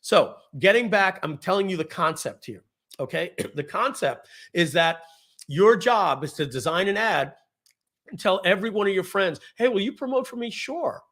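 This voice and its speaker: A man hosting a live software webinar, giving an energetic, salesy screen-share demo and clearing his throat often. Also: high-pitched, normal speed. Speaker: webinar host, software founder.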